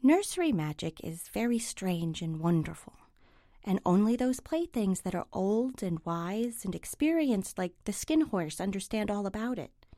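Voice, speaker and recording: A woman voice-over artist reading ads, a corporate script and a storybook in a measured way. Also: medium pitch, sing-song, dark tone, dry recording, studio quality.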